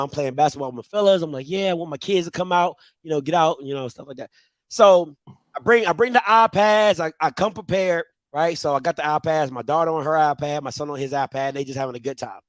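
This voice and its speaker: A man with a notably high voice telling stories in a loose, rambling way. He jumps between excited bursts and low mutters. The sound is close and dry, with no room echo. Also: brisk. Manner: animated, rambling storyteller. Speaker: podcast co-host. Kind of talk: comedic storytelling.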